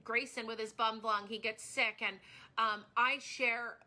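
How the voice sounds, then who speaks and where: A woman's voice: a little high, fairly even intonation, a little slow, pushed and bright. A woman in her thirties, a small business owner, talking casually and earnestly to her viewers on a live stream, rambling a little as she speaks from the heart.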